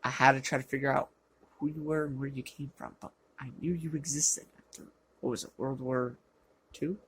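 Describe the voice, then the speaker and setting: A film reviewer quoting a gruff superhero, speaking in a lowered, grim, deliberate voice. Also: fairly even intonation, fairly bright tone, slight background noise, lightly acted, poor audio. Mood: grave. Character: gruff superhero in a dark costume.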